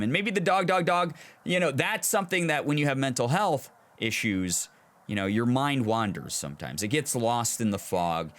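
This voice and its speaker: A young man in the middle of a pitch range talks through a game as he plays it. His delivery is animated and he thinks aloud, moving between excited reactions and reflective comments. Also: moderate pace. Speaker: gaming video host. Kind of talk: let's play commentary.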